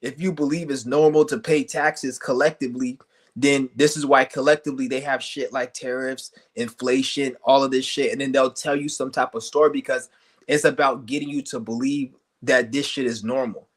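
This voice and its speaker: A man's voice: medium pitch, fairly even intonation, moderate pace. A man streaming an angry vlog rant, firing off heated, profane rhetorical questions and blunt insults. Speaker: streamer ranting to viewers.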